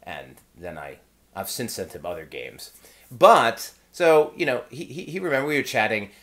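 A man who designs and reviews games, telling a rambling convention story in a casual vlog with excited restarts. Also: medium pitch, normal speed.

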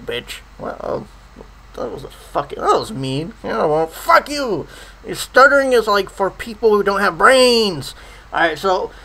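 A man's voice: high voice, bright, forceful tone, poor audio. A man in a profane comedic rant, swearing constantly and stammering over his words. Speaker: comedy ranter.

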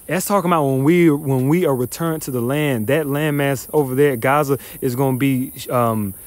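A man's voice: medium pitch, moderate pace, darkish tone, no room sound. A man teaching the Bible verse by verse, reading passages then ranting in a profane, scornful, emphatic way. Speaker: scripture teacher.

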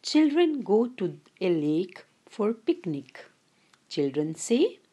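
A woman teaching a lesson to young children, speaking slowly, clearly and patiently. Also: medium pitch, very animated, warm tone. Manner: slow, clear, patient, addresses children fondly. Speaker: English teacher.

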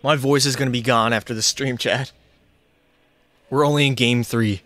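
A young man streaming a hockey video game, talking to his chat and his in-game teammates in an excitable, chatty way. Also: mid-range voice, normal speed, no echo, faint music behind. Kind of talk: live gameplay commentary.

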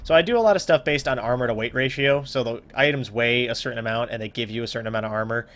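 A man's voice: medium pitch, fast talker, a bit bright. A young man casually commenting on his own gameplay, rambling, joking at himself and trailing off into mumbles. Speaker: let's play host.

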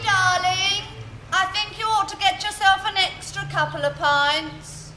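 A woman's voice: very high-pitched, steady tone, pushed and bright, a little hiss or hum, exaggerated voice. An actress playing an affectionate young woman calling sweetly to her lover in a sitcom. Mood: cooing. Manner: cooing, drawn-out endearments. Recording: roomy echo, heard from off.

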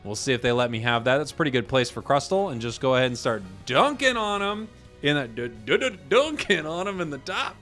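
A man hosting a gaming video, chatting casually about his matches and bursting into loud excitement at big plays. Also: medium pitch, brisk, soft background music. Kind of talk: casual gameplay commentary.

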